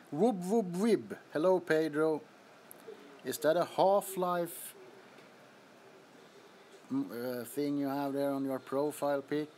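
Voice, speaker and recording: A man's voice: on the high side, fairly even intonation, slow, long pauses, a little mellow, slight background noise. A man chatting casually on a livestream from an apartment, greeting viewers and laughing often, recorded on a phone. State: sweaty from heat. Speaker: livestream host. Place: apartment bedroom.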